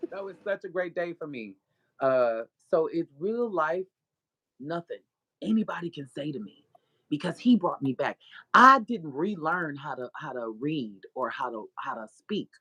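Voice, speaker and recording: Speaking as a guest author, a woman shares her personal story bluntly and profanely, mixing spiritual sermonizing with frequent laughter. Her low, husky, sharp-toned voice has lively intonation and a measured pace, with no room sound.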